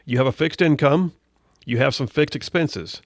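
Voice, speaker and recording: Gravelly middle-aged talk radio host. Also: male voice, medium pitch, normal speed, no echo, studio quality. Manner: folksy, conversational, preachy asides. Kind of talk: radio monologue.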